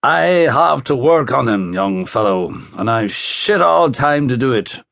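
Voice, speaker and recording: A man voicing a huge, blunt police detective from Belfast, with a Belfast accent, speaking gruffly and profanely in an audiobook. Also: medium pitch, very animated, measured pace, a bit bright, no echo, clean studio sound, full character voice. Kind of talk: audiobook character voice.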